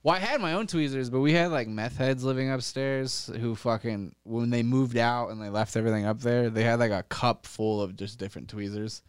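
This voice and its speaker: Young guy for loose podcast chat: smooth clear voice, dry close sound, profane and rambling. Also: mid-range voice, fairly quick, hardly any pauses, no echo. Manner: rambling, profane, heavy with "like" fillers, laughs often. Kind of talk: casual chat.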